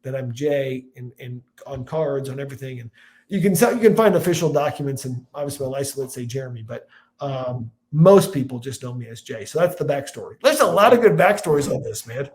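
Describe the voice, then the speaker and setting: A man in his forties from Illinois, a football analyst telling stories as a podcast guest, rambling and animated. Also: medium pitch, a little fast. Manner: animated, rambling storyteller with restarts and voiced quotes. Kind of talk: casual storytelling chat.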